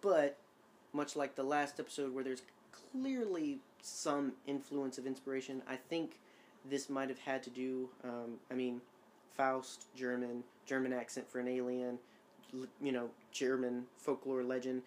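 Male podcast co-host, loose and rambling, mid-pitched, faint hiss behind. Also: steady tone, unhurried, a little mellow. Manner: rambling, self-amused, many fillers and restarts. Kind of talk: casual chat.

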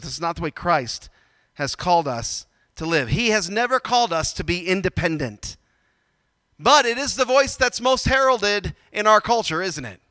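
A man preaching a sermon, swinging from loud emphatic bursts to quiet low asides. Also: dry recording, in a large hall. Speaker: pastor.

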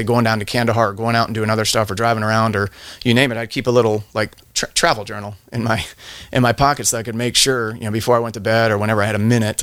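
A man's voice: on the low side, fairly bright tone, no room sound. Guy, middle aged, rambling war story on a podcast, lots of restarts, dry sound. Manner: rambling, self-interrupting, laughs often. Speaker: podcast guest, army veteran. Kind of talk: casual storytelling.

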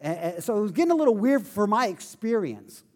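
A male pastor preaching a sermon, telling a story with animated, self-deprecating humor. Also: sits high, brisk.

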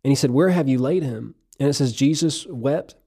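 A man delivering a sermon in an earnest, emphatic way, reading passages of scripture aloud between his own points. His voice is mellow and dark in tone, sitting at a middle pitch. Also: normal speed, creaky, breathy edge. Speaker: preacher.

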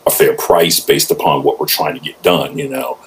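A middle-aged man co-hosting a casual podcast, ranting in a profane, storytelling way and jumping up in pitch when he quotes people. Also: fairly even intonation, moderate pace, rough recording. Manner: profane, ranting storyteller who jumps high in pitch when quoting others. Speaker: podcast co-host. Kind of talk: casual chat. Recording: faint background noise.

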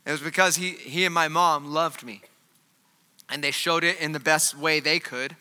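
A man's voice: fairly high pitch, steady tone, moderate pace, pushed and bright, clean tone, long reverb tail. A man preaching a sermon in a casual, joking, conversational way, full of fillers. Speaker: pastor.

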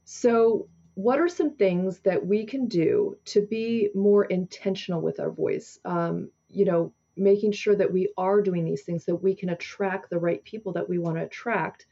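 Woman podcast host, dark husky tone, chatty and loose, muffled lo-fi line. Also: mid-range voice, a little slow, few pauses. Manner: chatty, loose phrasing, frequent fillers and laughs. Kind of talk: casual interview chat. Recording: muffled lo-fi remote audio.

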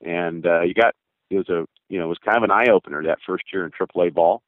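A man in his sixties, a former baseball pitcher, telling long rambling stories in an interview and acting out old conversations. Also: quick pace, dry recording. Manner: rambling, with many fillers and acted quotes. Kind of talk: storytelling interview answers. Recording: tinny phone-line sound.

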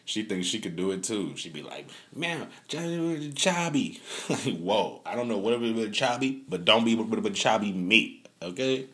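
A man's voice: lowish voice, moderate pace, a bit bright. A man hosting a podcast in casual chat, a loose, profane storyteller who laughs often. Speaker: podcast host.

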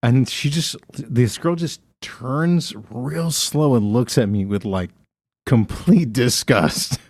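A man with a mid-range voice co-hosts a casual comedy podcast, speaking slowly on a dry recording. He tells animated anecdotes, mimics other people's voices, and swears heavily.

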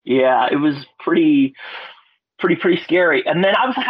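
A man from Alaska, a guest on a podcast, telling a story in a rambling, excitable way, swearing and restarting his words. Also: fairly high pitch, brisk, breathy edge, dry recording. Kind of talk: casual storytelling. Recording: dry, dull lo-fi audio.

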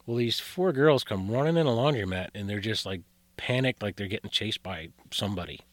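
A man with a lowish voice tells eerie tales in an unhurried, rambling way, stopping and restarting his sentences often. The sound is dry and close, with no room echo. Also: lively intonation. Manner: rambling, full of fillers and restarts. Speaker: guest storyteller. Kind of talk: casual spoken storytelling.

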